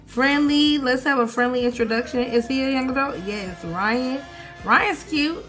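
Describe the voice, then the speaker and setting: A young woman, giving animated, swearing, mock-outraged commentary as she plays a life-sim game. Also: high voice, a little slow, soft background music. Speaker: gaming streamer. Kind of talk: casual gameplay commentary.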